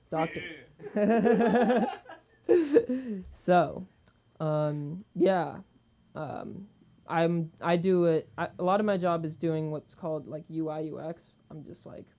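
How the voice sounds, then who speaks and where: A man from Silicon Valley doing a halting, self-deprecating stand-up set full of fillers. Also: a little high, mellow. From Silicon Valley, California. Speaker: stand-up comedian.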